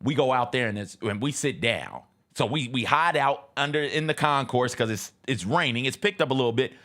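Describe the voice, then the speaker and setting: A man's voice: mid-range voice, brisk. A man co-hosting a radio show, telling a story in casual chat with restarts. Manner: lively, animated, with frequent restarts and laughs.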